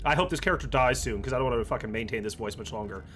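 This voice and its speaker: A man's voice: medium pitch, rapid-fire, fairly bright tone, faint music behind. A man hosting a gaming video, rambling playfully and swearing freely as he plays. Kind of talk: let's play commentary.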